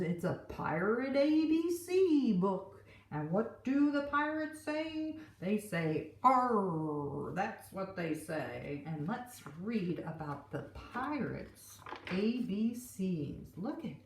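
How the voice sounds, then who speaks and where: A teacher reads picture books aloud to young children, her voice lively and her pace slow and careful. She sits back from the mic in an echoey room, so the sound is roomy and distant. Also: mid-range voice. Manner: animated, storytelling. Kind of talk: reading a picture book to children.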